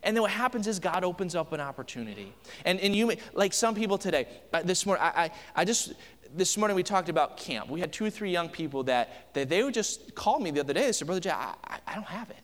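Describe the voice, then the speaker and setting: A man's voice: sits high, lively intonation, fast talker, long reverb tail. A man in his thirties, a pastor giving a conversational sermon full of family stories, with frequent restarts. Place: church sanctuary.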